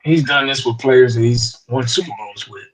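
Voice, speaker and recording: A man's voice: medium pitch, moderate pace, rough recording. A man in casual sports talk, musing aloud and asking rhetorical questions.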